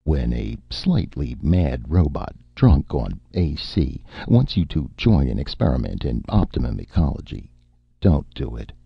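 A man narrates a story in a measured, storytelling manner. His voice is extremely deep and gravelly, with lively swings in pitch. The recording is dry, muffled and lo-fi. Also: no echo. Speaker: audiobook reader. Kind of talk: scripted narration.

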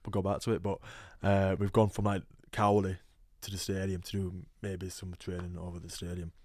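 A man's voice: deep voice, level tone, normal speed, darkish tone, no room sound. A man with a thick Yorkshire accent, a rugby player guest telling stories in a casual studio chat, laughing often and repeating words as he talks. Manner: chatty storyteller with frequent laughs and repeated words. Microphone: studio microphone.

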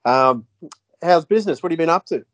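A man's voice: on the high side, lively intonation, brisk, a bit bright, dry recording. A man co-hosting a podcast, enthusiastic and rambling with frequent restarts. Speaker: podcast co-host. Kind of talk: casual podcast interview.

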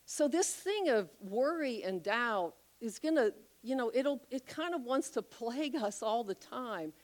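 A woman preaching a sermon, telling a Bible story with animated, acted-out voices. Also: fairly high pitch, measured pace. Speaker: pastor.

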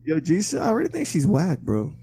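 A man in a casual chat who talks haltingly, repeating words and saying bro a lot. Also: on the high side, huge pitch swings, vocal fry, crowd noise.

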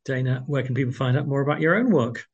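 A male radio host interviewing guests, chatty and upbeat, dropping frequent "uh"s as he goes. His voice sits at a middle pitch. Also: fast, breathy edge, lo-fi sound. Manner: chatty, many fillers, upbeat.

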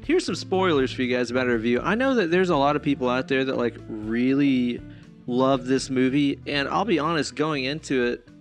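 A man's voice: mid-range voice, moderate pace. A man in his thirties hosts a casual movie podcast. He rambles, laughs easily and swears as he talks. Faint music sits under his voice. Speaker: podcast host.

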